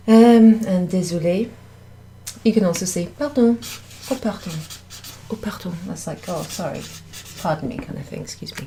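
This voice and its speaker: A woman's voice: lowish voice, warm tone, slight background noise. A woman teaching a beginner French lesson in a chatty way, correcting herself and laughing at her own slips. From United Kingdom. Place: indoor room at a pub.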